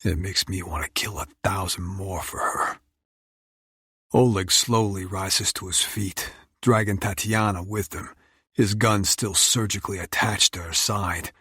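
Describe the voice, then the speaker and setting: A man narrating a first-person romance audiobook in an intense, measured, brooding way. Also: low-pitched, steady tone, pushed and bright, husky, dry recording, studio quality.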